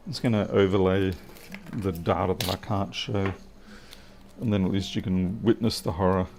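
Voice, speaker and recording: A man with a lowish voice talks his way through a live repair, answering viewers' comments with dry, teasing humor. His tone stays casual and chatty while he works at the bench. A faint background noise sits under his voice. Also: fairly even intonation, moderate pace, gravelly. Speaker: livestream repair host.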